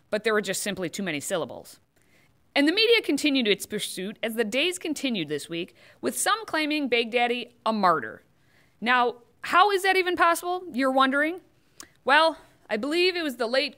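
A woman's voice: a little high, sharp tone. A woman hosting scripted political commentary, delivering it with sarcastic, mocking asides.

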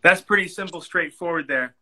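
A man's voice: a little high, brisk, pushed and bright, poor audio. A man hosting a podcast interview, asking earnest, reflective questions. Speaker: podcast host.

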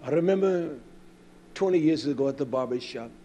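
A man preaching a fiery sermon, swinging between shouted declarations and hushed asides, acting out conversations. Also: a little high, lively intonation, fairly quick.

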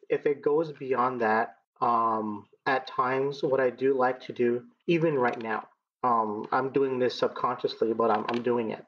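A man in his thirties from Texas, a guest in an interview, speaking in a measured, reflective way with frequent ums. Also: medium pitch, muffled recording, a little hiss or hum. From Texas, United States. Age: 30s. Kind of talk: conversational interview.

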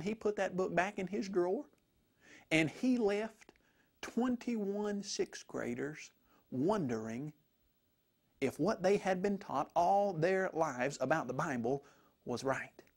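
Man telling a story in a sermon. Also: high voice. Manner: animated storytelling, emphatic. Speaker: preacher.

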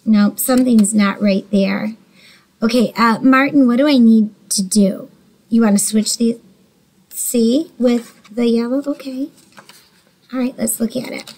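Slow, patient woman teaching young readers. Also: on the high side, darkish tone, rough recording. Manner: slow, patient, encouraging, talks to unseen children by name. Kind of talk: early reading lesson for young children.

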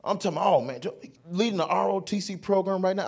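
A young adult man doing stand-up comedy at a church, telling a story in an animated, playful way. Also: high-pitched, fast talker, creaky, hardly any pauses.

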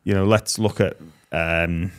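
Deep-voiced podcast host. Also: male voice, steady tone. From Australia. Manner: short encouraging "mm" and "yeah" backchannels, halting questions. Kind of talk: casual interview.

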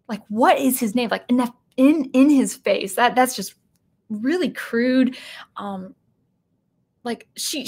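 A woman with a fairly high-pitched voice hosts a spoken commentary video. She's animated, often restarts her sentences, and acts out the lines she quotes.

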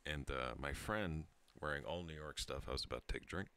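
A man's voice: rumbling low, a little fast, sharp tone, smooth. A tipsy man in his thirties telling a rambling story to his channel, laughing and breaking off mid-sentence. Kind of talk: casual storytelling monologue.

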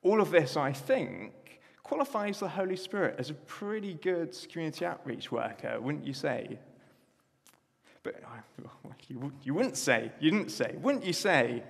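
Chatty preacher in echoing church. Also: male voice, on the high side, big pitch swings, normal speed, creaky, few pauses, slightly rough. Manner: chatty, self-deprecating asides. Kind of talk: sermon. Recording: echoey church hall.

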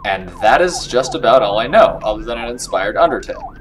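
A man's voice: mid-range voice, big pitch swings, fairly quick, background noise. A young man hosting a video game playthrough, reading the game's dialogue aloud in silly voices and joking between lines. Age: young adult. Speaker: let's play host. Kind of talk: let's play commentary with dialogue read in voices. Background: game music.

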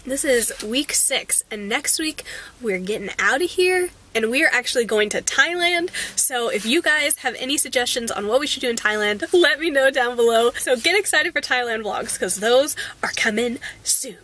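A woman vlogging on a handheld camera, chatty and laughing often, her voice hoarse from a cold. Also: on the high side, lively intonation, moderate pace, bright, forceful tone, rough recording. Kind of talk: casual travel vlog.

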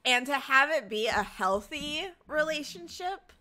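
A woman's voice: high-pitched, animated, unhurried, pushed and bright. A woman co-hosting a podcast, chatting casually and thinking aloud as she talks. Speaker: podcast co-host. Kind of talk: casual chat.

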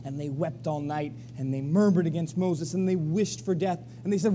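A man preaching to his church with a high voice that is also very dark and mellow. He tells the story with energy and acts out the crowd's voices. A faint hum sits under the live-stream sound. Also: steady tone, moderate pace. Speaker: pastor. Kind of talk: sermon. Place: church sanctuary.

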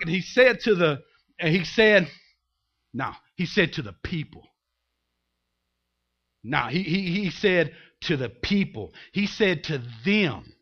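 Animated high-voiced preacher man. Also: dull audio. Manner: animated storytelling, acting out biblical characters with humor. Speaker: pastor. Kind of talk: sermon.

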